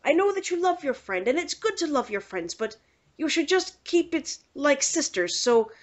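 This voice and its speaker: A woman voicing an elderly male priest who gently admonishes in a mild, hesitant tone. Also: high-pitched, big pitch swings, normal speed, voice pushed up. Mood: earnest. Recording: dull lo-fi podcast audio.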